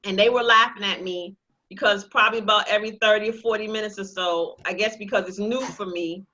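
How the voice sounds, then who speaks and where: A woman teaching a real estate investing class, talking in a lively, joking, sales-pitch way. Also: brisk, dull audio, a little hiss or hum. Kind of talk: live online class presentation.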